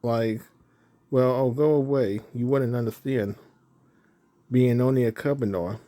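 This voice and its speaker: A proud, lazy lion king from a children's storybook, lordly and gruff, as the man reading puts him on. He speaks in a low, mellow voice. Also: steady tone, a little slow, close to an everyday voice.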